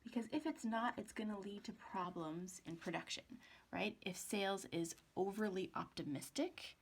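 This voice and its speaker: A woman's voice: medium pitch, normal speed, slight background noise. A woman professor giving a recorded accounting lecture in a chatty way, asking rhetorical questions and muttering to herself while she writes.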